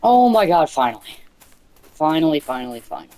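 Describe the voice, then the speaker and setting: A man's voice: fairly high pitch, fairly quick, slight background noise. A man giving casual gameplay commentary, swearing and yelping when he panics. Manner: excitable, swears, yelps in panic. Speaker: gameplay streamer.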